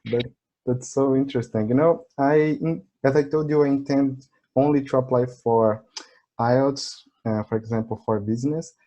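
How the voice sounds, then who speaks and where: A man from Brazil speaks English with a Brazilian accent in a mellow, warm-toned voice. He chats in a friendly, easygoing way, laughing often and restarting sentences as he searches for words. He is talking over an online video call. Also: mid-range voice, steady tone, normal speed, rough recording. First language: Portuguese. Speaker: channel host, English learner. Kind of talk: casual conversation.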